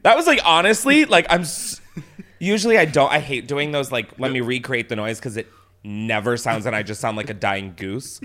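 A man hosting a podcast, telling stories in a loud, animated, swearing, laughing way. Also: mid-range voice, normal speed. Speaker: podcast host. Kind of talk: casual chat.

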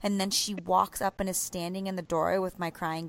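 A woman in her thirties telling a story in casual podcast chat, animated and swearing freely. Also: on the low side, brisk, gravelly, few pauses. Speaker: podcast co-host.

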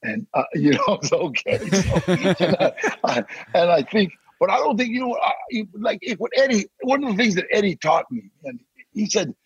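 An older man, a podcast guest, telling animated stories in a casual interview and acting out the voices he quotes. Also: high-pitched, moderate pace, no room sound. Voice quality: gravelly, husky. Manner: animated, acts out quoted voices, growls threats. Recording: dry, slightly dull sound.

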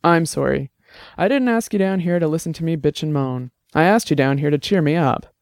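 A man voicing a rapidly aging, gruff old former bruiser who talks bluntly and wryly. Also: a little high, lively intonation, no echo, studio quality. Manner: blunt, salty, wry.

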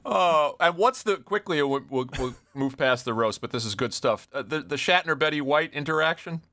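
Brief: male co-host, bright forward voice, big swinging intonation, loud whooping laughs. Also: fairly high pitch, animated, normal speed, no echo. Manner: enthusiastic, laughs loudly, asks questions. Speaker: podcast co-host. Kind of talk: casual interview chat.

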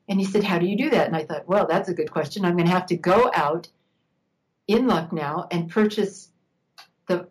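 An older woman, an interview guest, telling a personal story in a reflective, unhurried way, laughing now and then. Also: fairly low pitch, rough recording.

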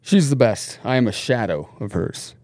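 A man from Norway and the United States, a podcast guest telling stories in casual chat, animated, laughing often and swearing freely. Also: medium pitch, moderate pace, no echo.

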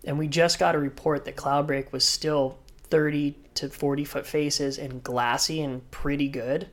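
A man telling a story in casual chat, animated, acting out quotes and laughing. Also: a little high, measured pace. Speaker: guest surfer.

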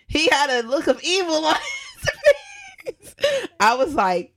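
A young woman co-hosting a casual podcast chat, telling a story with lively acted-out quotes and frequent laughter. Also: fairly high pitch, normal speed, vocal fry. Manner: animated storyteller, acts out quotes, laughs often. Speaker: podcast co-host.

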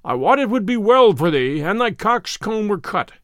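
A man voicing a big, boastful young yeoman who is slow to anger, speaking in hearty, old-fashioned words. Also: sits high, sing-song, fairly bright tone, no echo, studio quality. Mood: angry.

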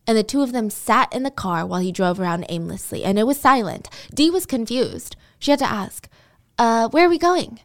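A woman's voice: medium pitch, expressive, a little fast, few pauses. Chatty woman telling a crime story. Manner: chatty, dramatic asides. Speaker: podcast host, storyteller. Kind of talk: casual true-crime storytelling.

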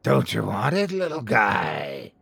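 A man's voice: on the low side, wildly swooping pitch, slow pace, creaky, fairly bright tone, breathy edge, dry recording, heavily acted. A man voicing a monstrous ice cream truck driver who coaxes in a falsely friendly, wheedling way. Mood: coaxing.

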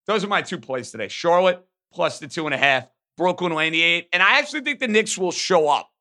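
A man with a New York accent hosting a sports betting podcast, talking in a brash, joking, animated way. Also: on the high side. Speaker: podcast host. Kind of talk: casual sports betting chat.

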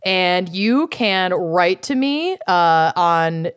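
A woman's voice: fairly low pitch, animated, extremely slow, clear, resonant tone, no echo, studio quality. A woman co-hosting a podcast in casual chat, explaining a new bonus show with playful asides. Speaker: podcast co-host.

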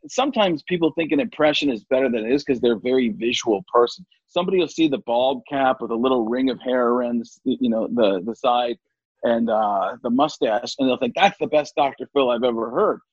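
A male comedian chatting in an interview, animated and slipping in and out of voices. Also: medium pitch, fairly quick, breathy edge, no echo. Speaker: comedian guest. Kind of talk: casual interview chat. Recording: dull lo-fi dry sound.

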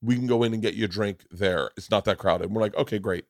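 A young adult comedian telling a story in casual podcast chat, jumping into high voices to act out the people he quotes. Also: quick pace, no echo, clean studio sound. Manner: animated, jumps to high pitch acting out quoted people. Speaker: comedian guest.

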